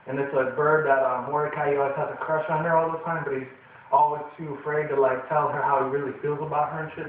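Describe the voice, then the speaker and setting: A young man giving a casual, rambling, profane cartoon review full of fillers. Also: a little high. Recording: echoey distant tinny lo-fi recording.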